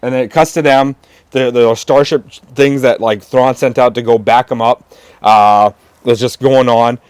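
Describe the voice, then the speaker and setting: A laid-back man co-hosting a podcast in a mid-range voice, dropping casual swears and quick agreements as he talks through an episode. His voice is close and dry, with no room sound. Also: medium pitch, steady tone, darkish tone, clear, resonant tone, no room sound. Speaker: podcast co-host. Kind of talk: casual chat recapping a show.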